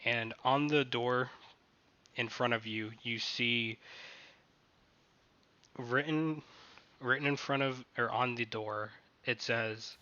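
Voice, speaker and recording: A man running a tabletop game playtest as game master, narrating haltingly and often restarting his sentences. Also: medium pitch, fairly even intonation, sharp tone, highs cut off.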